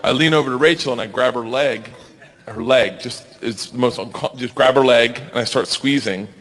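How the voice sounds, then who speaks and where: A man in his forties doing a stand-up comedy set, loud and laughing as he shouts punchlines. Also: mid-range voice, moderate pace. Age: 40s. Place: comedy stage before audience. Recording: live club with crowd noise.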